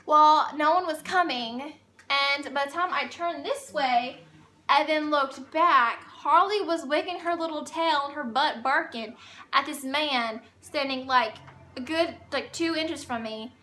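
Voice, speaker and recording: A woman's voice: sits high, unhurried, pushed and bright. A woman telling a storytime vlog in a chatty, rambling way. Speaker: vlogger.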